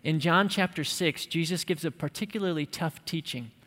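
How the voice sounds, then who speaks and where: A man's voice: fairly high pitch, moderate pace, fairly bright tone. Male preacher in a reverberant hall. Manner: emphatic, conversational, with light humor. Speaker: pastor. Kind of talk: sermon.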